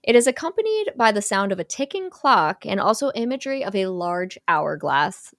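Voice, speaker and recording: A woman's voice: fairly high pitch, big pitch swings, fast, fairly bright tone, no room sound, clean studio sound. A young woman casually retelling a movie plot to a co-host, with lots of fillers and light quoting of characters. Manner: chatty, many "like" fillers, quotes characters lightly. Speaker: podcast co-host recapping a film.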